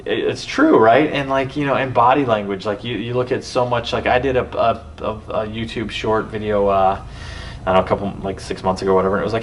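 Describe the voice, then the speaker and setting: A man hosting a podcast, telling stories in a rambling, animated way with many restarts. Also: on the low side, fast. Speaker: podcast host. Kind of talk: casual conversation. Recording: distant mic with faint background noise.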